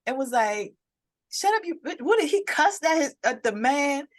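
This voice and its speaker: A woman's voice: high voice, normal speed. A young adult woman co-hosting a podcast in casual chat, telling stories and acting out what people said. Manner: animated storytelling, acts out quotes. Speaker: podcast co-host.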